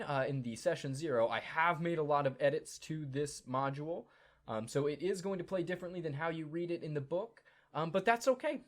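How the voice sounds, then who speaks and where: A man co-hosting a show and narrating as game master of a tabletop game, upbeat and chatty. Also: fairly high pitch. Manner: upbeat, chatty, many fillers.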